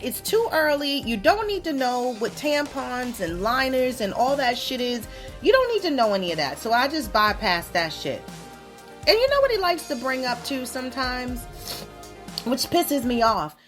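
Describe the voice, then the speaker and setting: A woman's voice: a little high, unhurried, soft background music. A woman in her thirties hosting a podcast, telling stories in a casual, profane way and mocking the people she quotes. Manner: profane, animated storytelling with mocking quoted voices. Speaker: podcast host. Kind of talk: casual explicit monologue.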